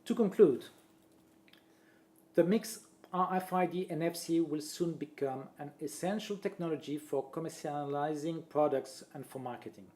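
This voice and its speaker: A man, a presenter reading a marketing talk aloud in a steady voice and listing points one after another. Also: on the high side. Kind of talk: read-aloud presentation voice-over.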